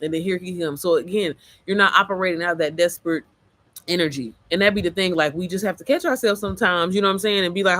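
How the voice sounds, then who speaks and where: A woman with a worn, slightly hoarse voice, chatting casually and motivationally on a livestream, rambling, getting sidetracked and swearing freely. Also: fairly low pitch, fast talker, fairly bright tone, dry recording. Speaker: mom entrepreneur livestreamer.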